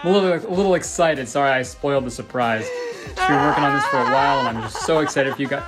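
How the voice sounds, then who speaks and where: A man putting on an over-excited, cheerfully callous young male family vlogger with a peppy greeting style. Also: medium pitch, quick pace, loud music behind the voice, close to an everyday voice.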